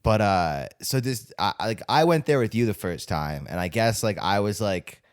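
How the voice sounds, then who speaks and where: Young man, low voice, lively pitch, podcast co-host, rambling, profane, casual chat. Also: normal speed, clear, resonant tone, no echo, studio quality. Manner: rambling, profane, lots of fillers and laughter.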